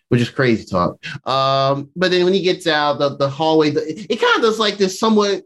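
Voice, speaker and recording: Chatty man, slightly high voice. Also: animated, brisk, few pauses, fairly bright tone. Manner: rambling, many fillers, acts out character quotes, laughs often. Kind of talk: casual episode recap.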